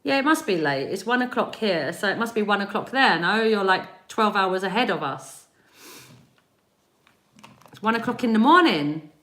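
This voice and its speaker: Bright-voiced British woman chatting on a livestream. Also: mid-range voice, lively intonation, moderate pace. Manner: chatty, greets viewers by name, laughs often. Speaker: spiritual reader and livestream host. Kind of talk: casual livestream chat. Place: home in Spain.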